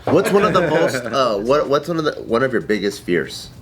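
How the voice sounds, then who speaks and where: A man's voice: medium pitch, sing-song, a little fast. A man co-hosting a casual panel chat, earnest and reasoning things out aloud. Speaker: co-host. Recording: noticeable background noise.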